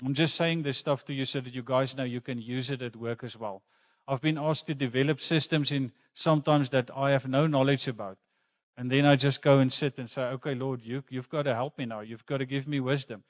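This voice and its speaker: Male pastor in the pulpit, earnest and conversational, everyday storytelling, mid pitch. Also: steady tone, brisk. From South Africa. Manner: earnest, conversational preaching with personal stories. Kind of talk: sermon. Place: church.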